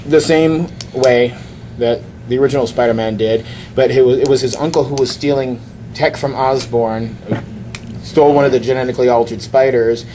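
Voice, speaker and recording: A man of middle pitch holds the floor on a casual podcast, walking his friends through a comic plot. He talks like a lively storyteller who can't wait to share the next bit. A faint background hiss runs beneath him. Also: moderate pace. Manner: lively storyteller who acts out quoted lines. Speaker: podcast host. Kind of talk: casual chat retelling a comic.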